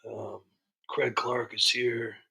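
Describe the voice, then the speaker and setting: A man chats casually on his livestream, greeting viewers and reading their comments. He talks in a rambling way. His voice is strikingly bright, with a gravelly edge. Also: medium pitch, flat delivery, takes it slowly. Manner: rambling, frequent ums and restarts. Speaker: livestream host.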